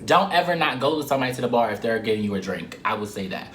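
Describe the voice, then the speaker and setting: Animated, cursing young man telling a story. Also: mid-range voice, very fast, slight background noise. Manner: animated, profane, laughing asides. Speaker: vlogger. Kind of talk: casual storytime. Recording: roomy echo.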